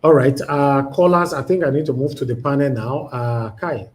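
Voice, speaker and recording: A man hosting a live call-in show, briskly thanking callers and moving on. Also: medium pitch, steady tone, a little hiss or hum.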